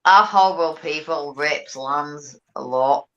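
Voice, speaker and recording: A woman's voice: low voice, slow pace, a bit bright, highs cut off. A woman with a Yorkshire accent joking self-deprecatingly in casual banter on a video call. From Hull, England.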